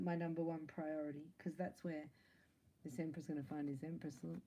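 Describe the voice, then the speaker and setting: Female psychic reader, low mellow voice, chatty and playful with laughs. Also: little pitch movement, brisk, low-quality recording. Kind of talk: casual spiritual reading to camera.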